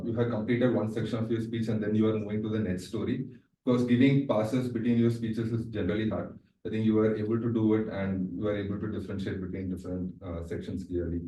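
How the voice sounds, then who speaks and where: A man's voice: on the low side, mellow. A man giving a club speech evaluation, hesitant, with many fillers. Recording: echoey room, distant mic.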